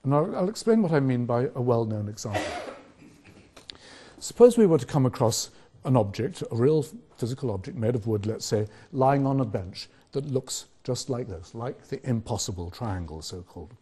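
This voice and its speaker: A man's voice: medium pitch, lively intonation, dark tone, husky. Reflective older man lecturing. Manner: measured, reflective, with rhetorical questions. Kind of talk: university philosophy lecture. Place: lecture hall.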